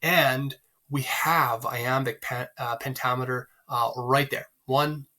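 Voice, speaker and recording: A man's voice: mid-range voice, fairly even intonation, slow pace, bright, forceful tone. A man teaching a literature lesson in a chatty way, with frequent fillers and questions to the class. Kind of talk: recorded literature lecture.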